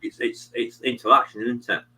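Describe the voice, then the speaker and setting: A man's voice: medium pitch, level tone, moderate pace, bright, forceful tone, slightly rough, rough recording. A British man hosting a live stream, chatting casually in a rambling way with many fillers. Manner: rambling, many fillers and "you know what I mean". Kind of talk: casual chat.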